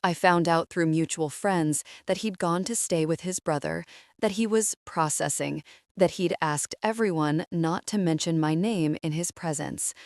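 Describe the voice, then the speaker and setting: A woman's voice: fairly low pitch, a little mellow, no echo, clean studio sound. Remorseful woman narrating a confession. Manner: remorseful, measured. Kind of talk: first-person confession story narration.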